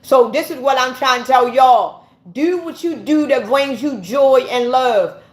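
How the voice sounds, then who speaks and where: A woman from the United States with a high-pitched voice delivers a fiery, profanity-laced rant, lecturing her viewers like a street preacher. The recording sounds roomy, with noticeable echo off the walls. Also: a little slow. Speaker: vlogger. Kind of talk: impassioned monologue to viewers. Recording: echoey room.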